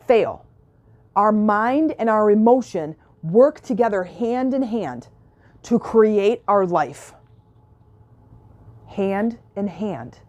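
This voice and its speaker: Woman host, spiritual coach type; mellow, earnest, repetitive self-help delivery. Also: medium pitch. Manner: earnest, repetitive, voices imagined clients. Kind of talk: motivational self-help talk.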